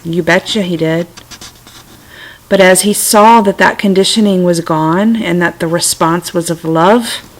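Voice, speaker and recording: A middle-aged woman talking gently and reflectively to her computer's webcam at home, with self-amused asides. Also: on the low side, a little slow, rough recording. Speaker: vlogger sharing personal stories. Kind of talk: casual spiritual talk to camera. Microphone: computer webcam mic.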